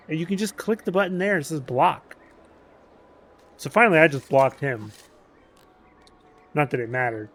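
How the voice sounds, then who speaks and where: A man streaming a video game, telling a story in casual chat as an animated rant. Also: on the high side, moderate pace, long pauses, soft background music.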